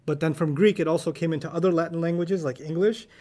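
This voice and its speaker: A man's voice: a little high, steady tone, fast talker, warm tone. A man teaching Arabic vocabulary in a casual class, quizzing students and telling humorous stories.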